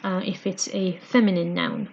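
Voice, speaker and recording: A woman teaching a home-learning French lesson, patient and slow, repeating phrases with frequent fillers. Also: lowish voice, sing-song, a little mellow, highs cut off, a little hiss or hum.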